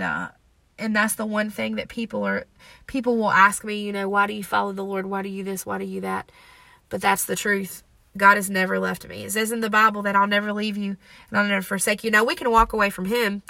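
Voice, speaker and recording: A woman's voice: mid-range voice, creaky, pushed and bright, dry recording. A young woman hosting a faith podcast, talking in an earnest, emotional and confessional way. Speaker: podcast host. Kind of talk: personal faith podcast talk.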